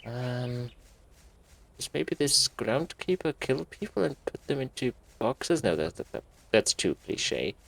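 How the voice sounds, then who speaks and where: A man's voice: mid-range voice, very animated, slow pace, creaky, fairly bright tone. Man muttering through a horror game. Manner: muttering asides and sudden swearing. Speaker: gaming YouTuber. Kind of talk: horror game let's play commentary.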